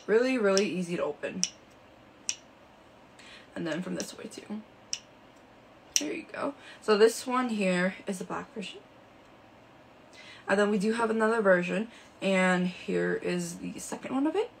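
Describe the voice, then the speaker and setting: A woman's voice: mid-range voice, expressive, measured pace, gravelly, pauses often, a little hiss or hum, poor audio. A woman hosting a live shopping stream, chatting casually and showing products with lots of fillers, indoors under a ring light.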